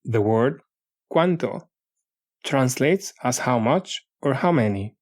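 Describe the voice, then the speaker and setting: A man reading a beginner language lesson as an audiobook, in a measured, deliberate way, saying foreign words and then their meanings. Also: mid-range voice, lively intonation. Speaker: audiobook narrator. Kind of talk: scripted language-lesson narration.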